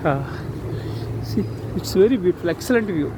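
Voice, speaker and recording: A man in his sixties vlogging while he walks along city streets, speaking slowly and haltingly with many fillers and repeated words, recorded on a phone he holds in his hand. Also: high voice, animated. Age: 60s. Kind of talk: casual walking vlog. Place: outdoors on city streets with traffic. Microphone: phone held in hand while walking. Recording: street traffic noise on a phone. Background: traffic and street noise.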